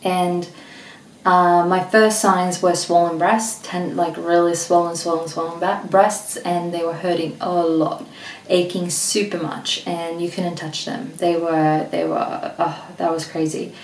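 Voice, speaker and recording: A woman's voice: on the low side, level tone, measured pace, far from the mic, a little hiss or hum. A young woman from Sweden with a Swedish accent, talking in a casual vlog, a little out of breath, rambling with many restarts and fillers. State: slightly out of breath. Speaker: vlogger. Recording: echoey room, mic set back.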